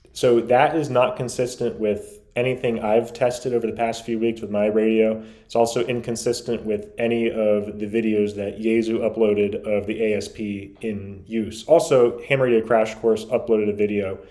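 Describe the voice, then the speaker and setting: A man's voice: on the low side, dark tone. A man reviewing radio gear, giving an analytical, emphatic explanation as host. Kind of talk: explanatory commentary.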